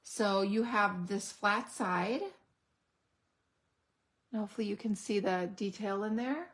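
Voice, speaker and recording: A woman hosting a craft unboxing video. She gushes over each item and pauses to think aloud when she needs a word. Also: medium pitch, fairly bright tone. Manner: enthusiastic, gushing over products. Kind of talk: unboxing product demo.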